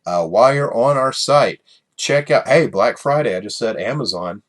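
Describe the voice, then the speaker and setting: A man's voice: medium pitch, expressive, normal speed. A man hosting a casual solo podcast, rambling and chuckling through his stories with many fillers. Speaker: podcast host.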